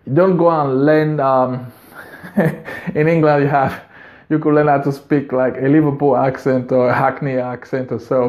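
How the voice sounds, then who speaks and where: A man's voice: on the high side, a little mellow. A man hosting a video, giving business advice in an unscripted monologue, earnest and repeating phrases for emphasis.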